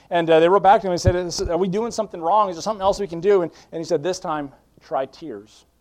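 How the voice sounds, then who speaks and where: A man preaching a sermon as pastor, pleading and fervent, quoting scripture, with frequent restarts and fillers. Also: on the high side. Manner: pleading, swings from hushed to loud fervent preaching.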